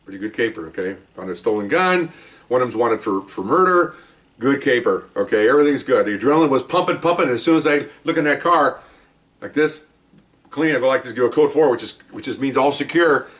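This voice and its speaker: An older man, a retired police officer, telling a war story from the job in a casual, animated way, now and then barking commands as he acts them out. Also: mid-range voice, fairly quick, distant mic.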